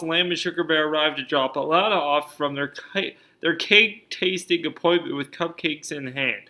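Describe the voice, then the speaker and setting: A man's voice: fairly high pitch, pushed and bright. A man hosting a casual celebrity gossip chat, reading news items aloud with joking asides. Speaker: vlog host.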